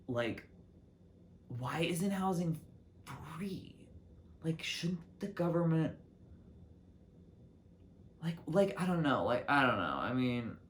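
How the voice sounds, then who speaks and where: A young man hosting his own solo talk show, rambling casually to the camera from his city apartment with lots of fillers and restarts. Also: slight background noise. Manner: chatty, lots of "like" and restarts, lively swings in pitch and loudness. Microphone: camera mic.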